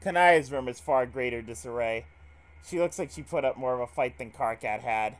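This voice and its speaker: A man's voice: medium pitch, moderate pace. A man streaming a visual novel, reading the text aloud and reacting with frequent swearing. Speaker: let's play streamer.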